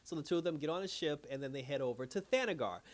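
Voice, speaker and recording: A man's voice: on the high side, quick pace. A man giving a casual, rambling recap of a cartoon episode, full of fillers and acted-out quotes. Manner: rambling, animated retelling with many fillers. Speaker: episode reviewer.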